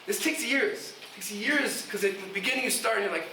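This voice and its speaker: A man, a guest rabbi, giving an animated informal talk to yeshiva students, often shouting, laughing and restarting his sentences. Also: sits high, fairly quick, recorded from a distance, slight background noise. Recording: echoey room, speaker away from mic.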